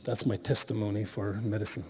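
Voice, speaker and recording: A middle-aged man giving an animated storytelling talk as a spiritual leader at a conference, laughing at his own stories. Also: lowish voice, brisk. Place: conference hall. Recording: long hall reverb.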